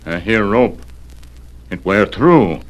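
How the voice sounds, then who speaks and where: An actor playing a stoic scout who speaks in slow, broken, terse English, in 1940s radio acting. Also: male voice, lowish voice, lively intonation, low-quality recording. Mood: calm. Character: stoic Native American male scout.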